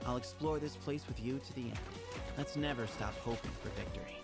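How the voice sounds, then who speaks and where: A man's voice: medium pitch, a little fast, creaky, close to an everyday voice. An actor voicing an eager young male adventurer in a game trailer, determined and spirited. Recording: game trailer audio with music.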